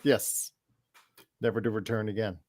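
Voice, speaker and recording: A man's voice: fairly low pitch, little pitch movement, normal speed, a little mellow, no echo, studio quality. A man hosting a casual sports podcast, teasing his co-host and keeping the show moving in an upbeat way. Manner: teasing, upbeat, wraps up segments. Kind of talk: casual sports talk banter.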